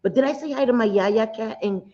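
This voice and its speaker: A woman hosting a casual live-stream chat, playful and quick to laugh. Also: on the high side, mellow, dull audio.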